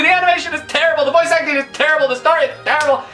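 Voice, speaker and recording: A woman's voice: high-pitched, fairly even intonation, very fast, sharp tone, faint music behind. A woman movie reviewer ranting through a countdown of bad films, exasperated and profane.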